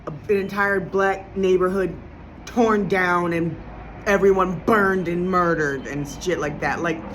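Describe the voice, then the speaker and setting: Her voice is lowish and her pace slow as she delivers a profane, wandering rant to camera, heavy on fillers and rising sharply when she turns indignant. The background is noisy.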